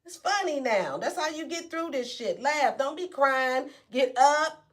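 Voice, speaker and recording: A woman's voice: sits high, lively intonation, unhurried. A woman giving a casual tarot reading to camera, playful and brash, swearing and acting out reactions. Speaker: tarot reader.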